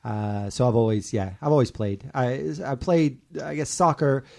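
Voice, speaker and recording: A man hosting a casual sports podcast, pausing often with fillers and restarts. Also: mid-range voice, gravelly, warm tone. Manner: hesitant, many fillers and restarts. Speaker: podcast host.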